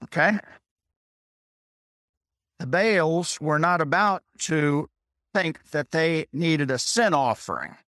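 With a slightly high, fairly bright voice and lively intonation, a preacher slowly reads from the Bible and breaks off to explain it plainly. He repeats himself and checks with listeners by saying "okay?", in echo-free studio sound.

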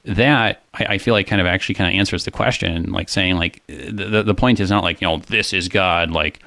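Casual co-host, male, deep voice, dry close sound, thinks aloud with frequent fillers. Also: a little fast, creaky, sharp tone, no echo. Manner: thoughtful, many fillers and restarts. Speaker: co-host discussing a psalm. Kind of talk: casual theological discussion.

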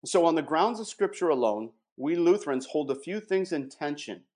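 A man giving a measured, emphatic theological explanation and reading passages aloud. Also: a little high, expressive, a little mellow. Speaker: guest presenting doctrine. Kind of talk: explanatory theological talk with read quotations.

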